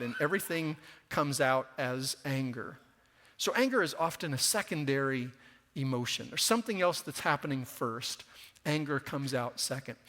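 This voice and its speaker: A middle-aged male preacher with a bright, forward tone and a voice pitched a little high. He talks to the congregation conversationally and slips into the voices of the people he quotes. The sermon carries a long church reverb. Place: church sanctuary.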